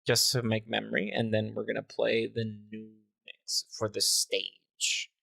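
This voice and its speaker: Presenting a remix to a live chat, a man talks casually and playfully, laughing a lot, swearing freely and meowing as a joke. His voice is on the low side, completely flat in delivery, unhurried, with vocal fry and a sharp tone. It's a dry recording.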